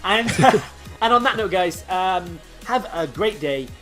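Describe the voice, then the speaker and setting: Young man, hyped and joking, higher voice, very lively pitch, faint music behind. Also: slow. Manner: excitable, jokey, hyped. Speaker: co-host of a game league channel. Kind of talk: casual chat.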